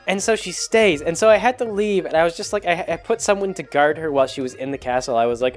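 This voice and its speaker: A man's voice: sits high, quick pace, soft background music. A man hosting his own show, recapping a video game in a rambling, exasperated way with lots of filler words. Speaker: blog host. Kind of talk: casual gaming recap monologue.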